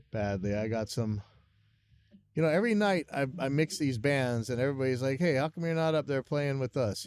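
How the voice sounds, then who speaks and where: A man's voice: mid-range voice, a little mellow, slight background noise. A man hosting a live stream, rambling and muttering to himself in a self-deprecating way as he works through a music session at his computer. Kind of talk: casual thinking-aloud commentary while working.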